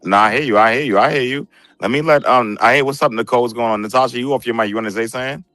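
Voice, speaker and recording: A man's voice: medium pitch, racing, a bit bright, no echo, studio quality, soft background music. A man hosting a casual group chat on a video call, opinionated and repeating "bro" and "right" as he argues. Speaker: show host.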